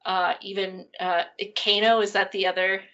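A woman's voice: mid-range voice, level tone, normal speed, a bit bright. A woman co-hosting a podcast, chatting casually about a movie, laughing often and trailing off mid-sentence. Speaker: podcast co-host. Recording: dull lo-fi audio.

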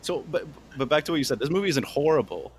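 A man's voice: fairly high pitch, expressive, fast, darkish tone. A young man from Canada, a podcast co-host, giving a rambling, casual movie review with many fillers and restarts.

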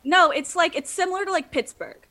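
Podcast co-host, female, high bright voice, blunt and teasing. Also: expressive, fairly quick. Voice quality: voice others call annoying. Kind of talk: casual chat.

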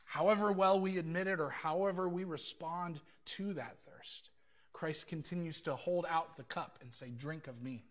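A man's voice: sits high, fairly even intonation, normal speed. A man preaching a sermon as pastor, telling the story with animation and acting out the voices he quotes.

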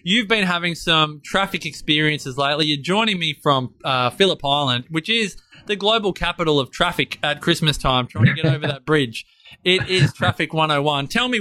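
A man's voice: a little high, pushed and bright. A man co-hosting a casual podcast, enthusiastic and playful with big exaggerations. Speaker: podcast co-host.

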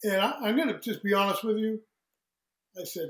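A man with a high-pitched voice tells a story as an interview guest, slipping into other people's voices and laughing as he goes. The room around him is echoey. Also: fairly quick. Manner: animated storyteller who acts out quoted voices, laughs often. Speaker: guest, singer.

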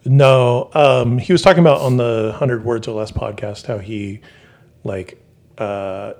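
A man's voice: medium pitch, steady tone, a little slow, creaky, darkish tone. A man co-hosting a podcast in casual chat, talkative and full of fillers. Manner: chatty, with many fillers. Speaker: podcast co-host.

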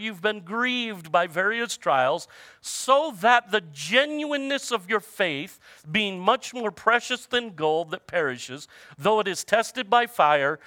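Man, pastor, high voice, lively pitch, bright tone, dry close sound, chatty preaching with jokes and call-outs. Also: no room sound. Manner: conversational preaching with humor and audience call-outs. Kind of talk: sermon.

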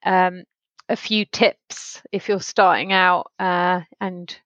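A woman's voice: mid-range voice, a bit bright, no echo, dull audio. A woman co-hosting a podcast, chatting casually and laughing easily. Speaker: podcast co-host.

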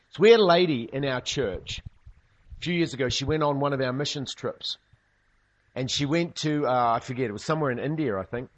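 A man preaching a sermon, telling stories with humorous asides. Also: mid-range voice. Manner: humorous storytelling, lively asides. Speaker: pastor.

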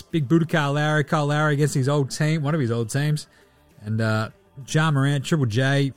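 A man's voice: medium pitch, dry recording. A man hosting a sports podcast, running through betting picks in casual, profane, slang-heavy banter.

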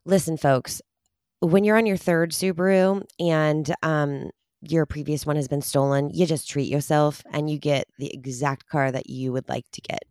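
A bubbly woman co-hosting a casual podcast, with a notably low voice. She is animated and chatty, with quick laughs and gasps. The sound is dry and close-miked. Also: clean tone, no room sound. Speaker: podcast co-host. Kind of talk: casual chat.

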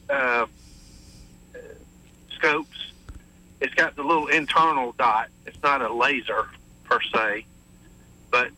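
A man's voice: medium pitch, pushed and bright, rough recording. A middle-aged man calling in to a radio show, upbeat and rambling with many fillers. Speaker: caller. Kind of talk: casual call-in chat.

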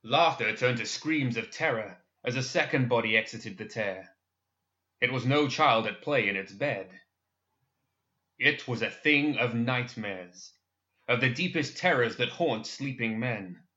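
A man narrates a dark fantasy tale in a measured, expressive storytelling style. His voice is bright and forward, with a mid-range pitch. The recording is a little dull and lo-fi. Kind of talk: dramatic audiobook narration.

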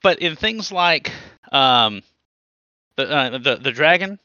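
A man co-hosting a podcast in casual chat, animated and swearing, with many restarts. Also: mid-range voice, takes it slowly, dry recording, highs cut off. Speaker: podcast co-host.

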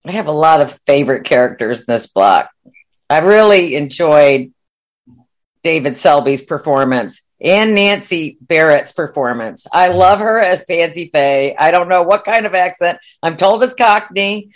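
A woman's voice: sits low, animated, unhurried. A woman co-hosting a podcast, chatting enthusiastically and bluntly and laughing easily. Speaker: podcast co-host. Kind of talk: casual discussion of a TV series.

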